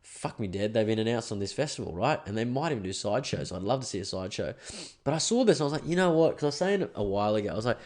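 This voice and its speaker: A man's voice: fairly low pitch, very animated, very fast, a little mellow. A young Australian man hosting a podcast alone, ranting casually and swearing. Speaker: podcast host. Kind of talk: solo podcast rant.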